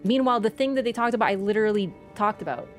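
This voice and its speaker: A woman livestreamer in casual chat, animated and teasing toward viewers and swearing casually. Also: mid-range voice, very fast, faint music behind.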